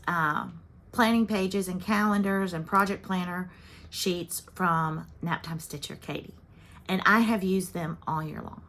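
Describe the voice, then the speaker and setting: A woman in her fifties chatting casually to her viewers from her craft channel. Her voice sits on the low side. She rambles along with frequent little laughs. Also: fairly bright tone. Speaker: cross-stitch channel host.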